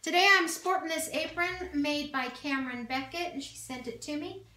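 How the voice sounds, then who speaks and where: A woman's voice: high voice, normal speed, sharp tone. A middle-aged woman chatting casually to camera in her home kitchen, rambling with asides and fillers as she talks through a cooking vlog. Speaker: cooking vlogger.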